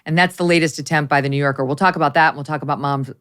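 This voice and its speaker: A woman hosts a political talk show with a notably low voice. She talks briskly and with a dry, sardonic edge as she sets up topics for her guests. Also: level tone, a bit bright, soft background music. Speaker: host.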